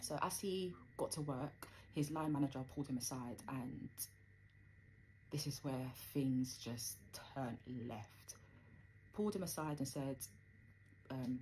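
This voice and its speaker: A woman's voice: very deep voice, unhurried, mellow, a little hiss or hum, rough recording. A young woman telling a personal story in a rambling, conversational way with plenty of fillers.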